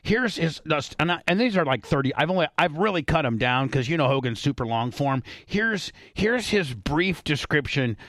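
A man's voice: fairly high pitch, moderate pace, few pauses, dry recording. Man, radio host, blunt, cursing, dry studio sound. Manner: blunt, heavy swearing, animated. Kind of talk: casual profane radio talk.

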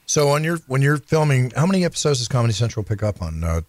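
A man's voice: mid-range voice, very animated, fast, a little mellow, dry recording. A man hosting an interview, telling eager stories and asking his guests questions. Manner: eager storyteller, asks questions. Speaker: podcast host.

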